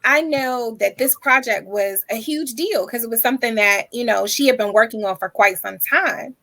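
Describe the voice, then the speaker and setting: Casting: woman co-host with a slightly high voice, friendly and familiar. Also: moderate pace, bright, forceful tone. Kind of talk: casual interview chat.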